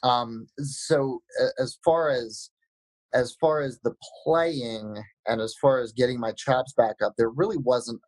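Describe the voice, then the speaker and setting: A man, a musician being interviewed, answering in a reflective, measured way. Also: mid-range voice, a little mellow, dry recording, low-quality recording. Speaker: musician guest.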